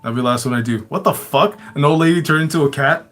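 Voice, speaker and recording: A man's voice: fairly high pitch, quick pace, a bit bright, soft background music. A man hosting a show, telling his own stories casually, swearing constantly and chuckling often. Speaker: show host. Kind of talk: casual storytelling.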